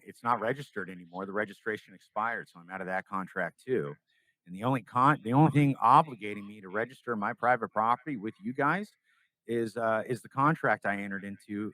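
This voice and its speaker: Low-voiced man telling a story. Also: dry recording, poor audio. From California, US. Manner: animated storyteller acting out dialogue. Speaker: podcast guest. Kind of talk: casual storytelling interview.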